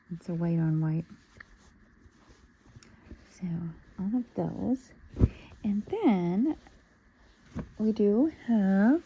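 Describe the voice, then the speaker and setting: Slow, gravelly-voiced woman showing fabric. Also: medium pitch, dark tone, rough recording. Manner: slow, musing, sometimes trailing into near-whispers. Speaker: sewing vlogger. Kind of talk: casual show-and-tell haul.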